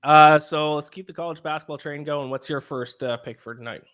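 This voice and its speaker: Male betting podcast host, bright, a bit higher voice, leads the chat. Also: fairly even intonation, brisk, clear, resonant tone. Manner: leads the segments and asks his co-host questions. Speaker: sports betting show host.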